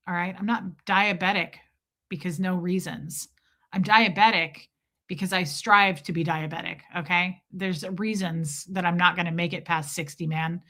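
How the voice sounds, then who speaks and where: Bright, animated woman from Nebraska. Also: fairly low pitch. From Omaha, Nebraska, USA. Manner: animated, self-deprecating. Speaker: streamer. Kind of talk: casual storytelling on a live stream.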